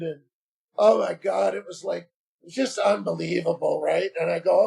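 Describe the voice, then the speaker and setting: High, gravelly man telling a story. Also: moderate pace. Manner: animated, exasperated retelling with quoted dialogue. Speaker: podcast guest. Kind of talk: casual storytelling.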